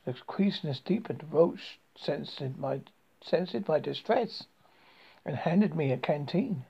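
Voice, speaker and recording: A narrator reads a first-person story in a halting amateur style, with frequent stumbles and restarts. The voice is gravelly and a little husky. The recording sounds dull and lo-fi. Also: medium pitch, lively intonation, mellow.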